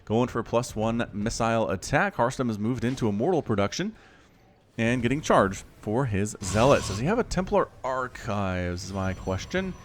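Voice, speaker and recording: A man casting a strategy game solo, chatty and excitable, with sudden high-pitched exclamations. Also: normal speed, a little hiss or hum. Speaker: esports caster. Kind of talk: solo play-by-play game commentary. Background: faint background music.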